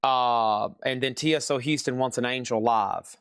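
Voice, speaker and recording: A man's voice: mid-range voice, moderate pace, fairly bright tone, clean tone, no echo, studio quality. A man with a Southern US accent hosting a live sales stream, chatty and repeating prices and buyer names.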